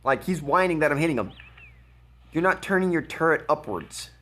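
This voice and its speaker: A man's voice: on the high side, expressive, fairly quick, fairly bright tone. A man giving casual, blunt commentary over a gameplay replay, mocking and laughing at his opponent. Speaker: gaming video creator.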